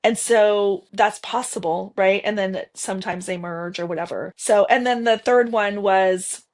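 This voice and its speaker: Woman, 50s, podcast guest. Chatty, rambling storyteller who restarts and quotes herself. Mid pitch. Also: measured pace, darkish tone. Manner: rambling, with restarts and self-quoting. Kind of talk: casual storytelling interview.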